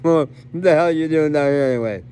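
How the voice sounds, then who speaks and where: A man's voice: a little high, brisk, dark tone, smooth, voice pushed up, natural voice. A man voicing a mocking old musician's spirit. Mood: teasing. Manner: teasing, scolding.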